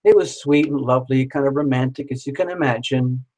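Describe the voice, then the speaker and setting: A man telling a personal story in a casual, animated way, swearing freely and acting out the other people in it. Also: mid-range voice, a little fast, poor audio. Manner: animated, swears casually, acts out quoted voices.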